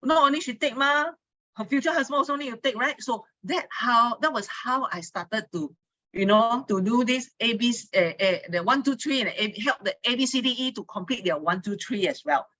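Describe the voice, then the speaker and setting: A woman's voice: a little high, moderate pace, pushed and bright, no room sound, dull audio. A woman with a Singaporean English accent telling her story to a team in a casual online talk, chatty and full of local particles. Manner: chatty storytelling, Singlish particles, frequent laughs; asks listeners for agreement. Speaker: speaker giving a testimony to a team.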